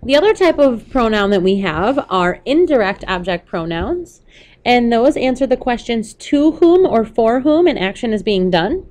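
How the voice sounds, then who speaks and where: A woman's voice: fairly high pitch, sing-song, moderate pace, a little mellow. A woman teaching a recorded Spanish lesson to students over slides, explaining patiently step by step with a few fillers along the way.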